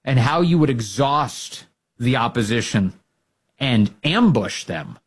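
A man hosting a political talk program, giving emphatic, rallying commentary that swings up in pitch when he gets fired up. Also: animated, slow, husky. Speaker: political talk show host. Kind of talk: opinionated commentary.

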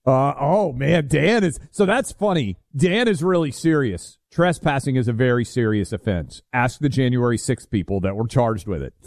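A man's voice: a little high, vocal fry, no room sound, studio quality. A male radio co-host in casual talk-radio banter, teasing and chatty, with lots of fillers.

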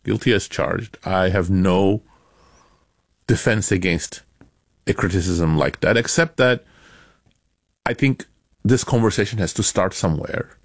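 Academic author guest: deep-voiced man, dry studio sound, steady explanations with sudden emphasis. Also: dry recording. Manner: measured, explanatory, lively emphasis. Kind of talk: interview answers.

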